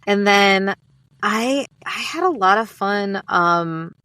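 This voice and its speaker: A woman's voice: medium pitch, expressive, slow pace, sharp tone, clean tone, no room sound. Chatty American woman, dry close sound. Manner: chatty, upbeat, fillers and self-interrupting restarts. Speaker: podcast guest, sleep podcast host. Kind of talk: casual conversational interview.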